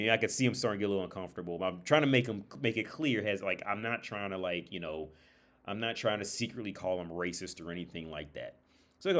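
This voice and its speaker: A man's voice: on the low side, fast talker, fairly bright tone. A man telling a story on a casual livestream, rambling with many restarts and filler words. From United States. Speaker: streamer and therapist.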